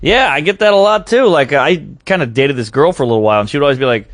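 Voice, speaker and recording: Brief: male comic co-host, higher voice, lively swooping delivery, dry close mic. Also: fast, dry recording. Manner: animated, jittery, self-deprecating. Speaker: comedian podcast co-host. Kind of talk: casual banter.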